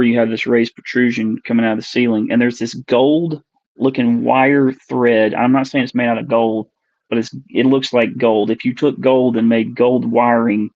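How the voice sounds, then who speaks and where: A man's voice: mid-range voice, a little mellow, no room sound. A man being interviewed as a guest, earnestly telling a personal encounter story and repeating and reworking his phrases as he searches for words. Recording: dull, dry recording.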